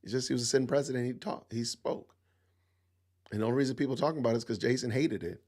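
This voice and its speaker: A middle-aged male podcast host with a medium-pitched, slightly mellow voice talks rapid-fire. He delivers opinionated commentary full of emphatic rhetorical questions and plenty of repetition.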